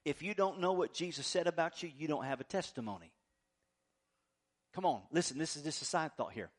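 A male pastor preaching a conversational sermon, acting out bits of dialogue and swinging between soft asides and loud emphatic bursts. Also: fairly high pitch, lively intonation, a little fast.

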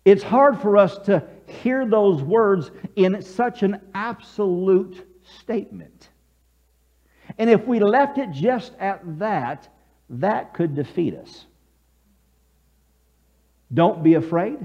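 A man preaching with a high voice that swoops up and down as he acts out his story. He chuckles along the way and has his congregation repeat lines after him. The recording sounds dull and lo-fi. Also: lively intonation, slow. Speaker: pastor. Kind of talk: sermon.

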